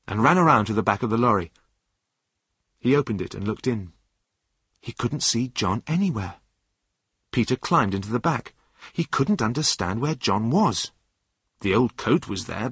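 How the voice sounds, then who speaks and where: A man narrating a storybook in a clear, expressive way. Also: medium pitch, dry recording, studio quality.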